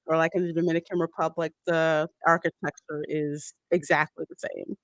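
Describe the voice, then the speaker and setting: A woman's voice: low-pitched, flat delivery, normal speed, dry recording, studio quality. A woman hosting a film watch party, chatting casually and reading viewer comments aloud.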